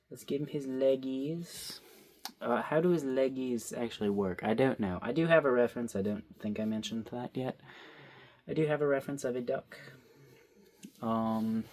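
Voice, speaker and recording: Recording on his phone, a young man draws and talks to himself in a playful, wandering way, offering casual commentary as a drawing vlogger. His voice is mid-range and a little mellow.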